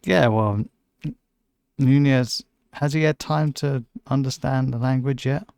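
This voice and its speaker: A man co-hosting a casual football podcast, relaxed and chatty, laughing easily. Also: mid-range voice, a little slow, creaky, clear, resonant tone, no echo, clean studio sound. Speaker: podcast co-host. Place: lives in Liverpool.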